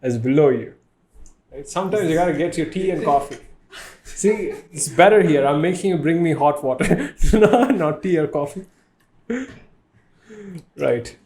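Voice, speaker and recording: A man from India hosting a relaxed podcast, speaking English with an Indian accent in a slightly raised voice. He jokes, teases and laughs easily as he chats. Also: on the high side, normal speed, pauses often. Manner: joking, animated, laughs often. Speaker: podcast host, art teacher. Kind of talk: casual podcast chat.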